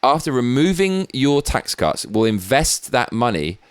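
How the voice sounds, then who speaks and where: A man's voice: medium pitch, sing-song, measured pace, clear, resonant tone, no echo. A British man hosting his own show, giving blunt, sweary political commentary with rambling asides. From Britain. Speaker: show host.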